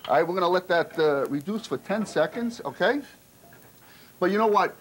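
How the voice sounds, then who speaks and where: A man's voice: sits high, animated, normal speed, fairly bright tone, a little hiss or hum, rough recording. A man, a chef, chatting and joking as he cooks in a restaurant kitchen, often tagging his sentences with "okay?". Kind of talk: casual chat while cooking.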